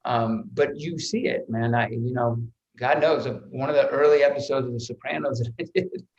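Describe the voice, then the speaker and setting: A man, an actor guesting on a podcast, telling anecdotes in a lively way, swearing freely and restarting his words often. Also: mid-range voice, moderate pace, dull audio.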